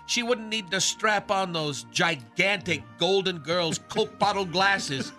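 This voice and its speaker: A male radio host roasting someone in a theatrical, snarky tone, chuckling as he goes. His voice sits high and his pace is slow and deliberate, with a clear music bed running under him. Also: bright, forceful tone. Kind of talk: mock-dramatic roast.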